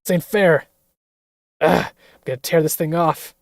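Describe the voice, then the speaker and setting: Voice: medium pitch, fairly even intonation, a little slow, gravelly, dry recording, studio quality. A streamer voicing a tough, defiant young woman in a video game, in a brash manner.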